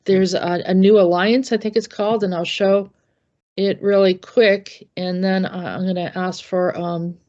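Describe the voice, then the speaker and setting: A woman's voice: medium pitch, steady tone, unhurried, darkish tone, lo-fi sound. A woman hosting a discussion, talking in a casual, conversational, hesitant way. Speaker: host.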